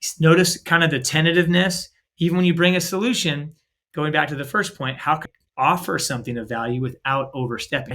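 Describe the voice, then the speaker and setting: A man's voice: on the high side, fairly even intonation, fast talker, a bit bright. A man co-hosting a faith-based leadership podcast, talking casually and with energy, full of 'like' and 'right?' and often acting out quoted dialogue. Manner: lots of filler 'like' and 'right?'. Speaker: podcast co-host.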